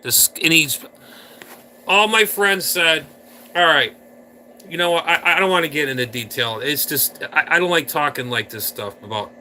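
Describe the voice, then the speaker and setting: A man hosts a casual livestream, drifting from crude rants to chatting with viewers. His voice is bright and very sharp, with a faint hiss in the background. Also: a little high, normal speed. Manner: rambling, crude and ranting. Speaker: livestream host.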